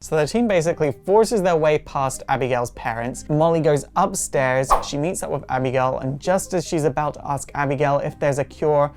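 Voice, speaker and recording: A woman hosting her own show, casually recapping a comic story in an animated way. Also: low-pitched, noisy background. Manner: animated retelling with quick character voices. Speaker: host.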